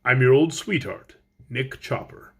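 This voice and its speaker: A man's voice: medium pitch, unhurried, breathy edge. A man voicing an earnest tin woodman.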